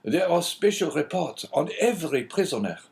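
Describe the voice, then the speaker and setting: Brief: man doing a fretful, pleading middle-aged inspector in a storybook reading, raised, swooping pitch. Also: big pitch swings, moderate pace, creaky, a little mellow. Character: anxious middle-aged male prison inspector, eager.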